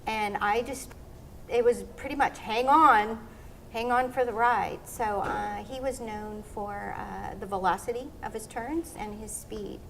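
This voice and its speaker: Middle-aged woman guest, higher pitch, animated storyteller. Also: unhurried, vocal fry, slight background noise. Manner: animated storyteller, acts out quotes. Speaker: interview guest, former pro skater. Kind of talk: casual storytelling interview.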